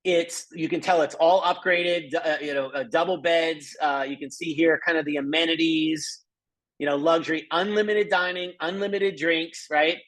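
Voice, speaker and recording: A middle-aged man with a slightly high voice runs an excited live sales presentation. He chats to viewers as he scrolls through his screen and keeps dropping in little check-ins and fillers. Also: normal speed. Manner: excited, chatty, many fillers and asides to viewers. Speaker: presenter of a travel membership.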